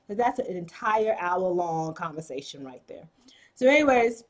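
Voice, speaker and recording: A woman's voice: on the high side, sing-song, normal speed. A woman giving a chatty, casual episode recap and acting out the characters' lines with emphasis. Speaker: TV episode reviewer.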